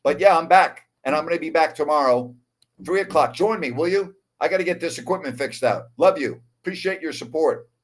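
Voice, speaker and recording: A man in his sixties hosting a live sports talk show, wound up and excitable, calling game action and chatting while repeating himself. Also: on the high side, brisk. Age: 60s. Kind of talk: live show, chat with calls of a basketball game.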